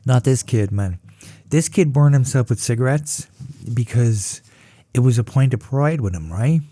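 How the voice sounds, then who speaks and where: Profane, animated man in his fifties. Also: mid-range voice, a little slow, no room sound, clean studio sound. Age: 50s. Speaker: podcast host. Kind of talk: casual storytelling.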